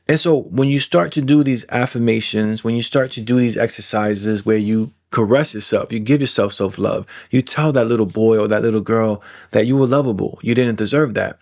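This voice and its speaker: A man in his forties, a coach for trauma clients, talking casually to camera in a self-help monologue, animated, drawing out words for emphasis and acting out inner voices. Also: fairly low pitch. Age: 40s. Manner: animated, acts out inner voices and imagined replies, drawn-out emphasis.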